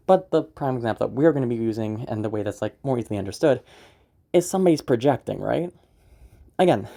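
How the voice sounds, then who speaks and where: A man's voice: mid-range voice, gravelly, dark tone. A man teaching voice acting in a loose, chatty tutorial, swearing now and then. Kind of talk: casual spoken tutorial.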